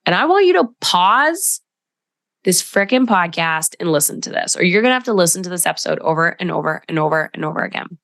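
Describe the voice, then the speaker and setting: A middle-aged woman coaching listeners on her own podcast, in a slightly low voice. She talks directly and emphatically and slips into quoted voices. The sound is dry and close to the mic. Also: expressive, brisk, creaky, a bit bright, dry recording. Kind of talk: solo podcast talk.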